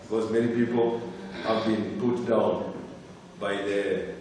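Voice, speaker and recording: A man's voice: on the low side, steady tone, takes it slowly, a little mellow, slight background noise. Impassioned man chanting from far off. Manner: rhythmic, impassioned chanting recitation. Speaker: Rastafari elder reciting a poem. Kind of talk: spoken word poetry and chanting at a gathering. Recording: echoey hall from far off.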